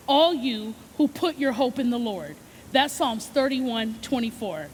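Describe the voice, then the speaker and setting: A woman's voice: a little high, animated, measured pace, in a large hall, slight background noise. A woman hosting a children's Bible lesson, upbeat and coaxing, often checking in with "right?". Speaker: children's ministry host.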